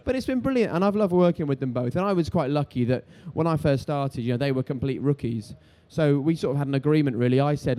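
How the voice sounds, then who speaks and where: A quick, animated man in his thirties tells stories on a live event stage. His voice is dark and mellow, and he acts out the voices of people in his anecdotes. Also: medium pitch. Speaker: TV sports presenter, interviewed guest. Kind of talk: lively anecdotal storytelling on stage.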